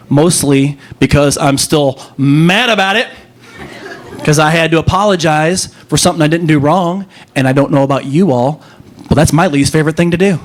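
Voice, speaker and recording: A man performing a stand-up comedy set, telling stories with animated, rising punchlines. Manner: animated storytelling, jumps to high pitch for punchlines.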